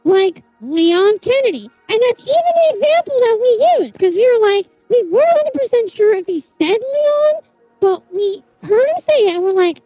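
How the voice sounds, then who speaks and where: A very high, animated voice tells a story to a livestream chat, exasperated and full of swearing. The pitch leaps around constantly, and soft game music plays in the background. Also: moderate pace, no echo, rough recording. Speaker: streamer. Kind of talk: casual chat with viewers.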